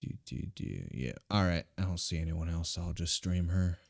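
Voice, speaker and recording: A man with a notably deep voice chats with a co-player at the end of a live game stream. He rambles in a loose, playful way, and his pitch swings widely. The sound is close and dry. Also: animated, normal speed, gravelly, no echo. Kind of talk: casual chat while live-streaming a game.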